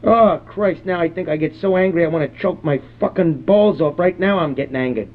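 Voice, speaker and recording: Prank call: a man playing a belligerent, swearing rural man in his fifties, high pitched, phone-quality audio. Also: a little fast, lightly acted. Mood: gruff, ranting. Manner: rambling, cursing constantly, belligerent. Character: crude foul-mouthed middle-aged rural man, hot-tempered. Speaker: prank caller.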